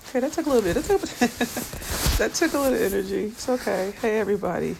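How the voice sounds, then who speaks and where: A tired woman, chatting softly and a bit weepily to viewers on a live stream from her bed at home. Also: medium pitch, expressive, fast talker, creaky, slight background noise. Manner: soft and tired, weepy, talks to viewers by name. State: tired and low on energy. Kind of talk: casual live-stream chat. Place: bedroom at home.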